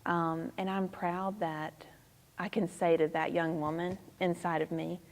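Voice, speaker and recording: A woman in her thirties with a Southern accent, a pastor answering interview questions in a soft-spoken, thoughtful way with frequent laughter. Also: on the low side, level tone, unhurried, in a large hall. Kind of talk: casual interview.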